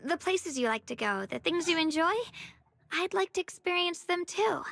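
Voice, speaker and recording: A woman's voice: very high voice, animated, normal speed, vocal fry, a bit bright, no echo, heavily acted. An actress voicing a sweet, eager young woman companion in game dialogue, earnest and affectionate.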